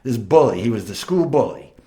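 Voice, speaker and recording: A man's voice: mid-range voice, fairly quick. A man from Long Island with a New York accent, hosting a show and telling stories in a boastful, profane, casual way. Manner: animated, boastful, heavily profane. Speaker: host. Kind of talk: casual storytelling.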